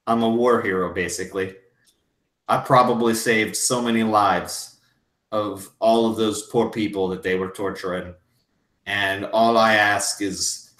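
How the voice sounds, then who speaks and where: A game master puts on a swaggering, belligerent old drinker who brags loudly of being a war hero. His voice rings in a roomy space, brash and pushy, never letting anyone else talk. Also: lowish voice. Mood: boastful. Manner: boastful, belligerent, loud. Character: old drunken belligerent Scottish man boasting. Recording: roomy echo.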